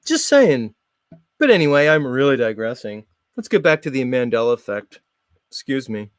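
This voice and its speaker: A man hosting his show in a sarcastic, mock-formal monologue, jumping between loud jabs and muttered asides. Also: mid-range voice, very animated, moderate pace, no echo, studio quality. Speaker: show host. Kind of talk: sarcastic monologue reacting to a clip.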